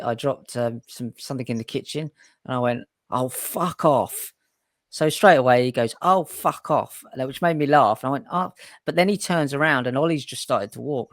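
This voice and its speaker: A man's voice: medium pitch, fairly quick, dry recording, studio quality. A man, trading laid-back, sweary banter as a podcast host. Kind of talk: casual chat.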